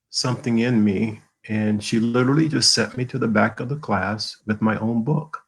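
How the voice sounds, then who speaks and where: Gravelly earnest man on a video call. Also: fairly low pitch, poor audio. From American South. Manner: earnest, halting, with many fillers. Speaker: author and guest. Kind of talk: emotional personal storytelling.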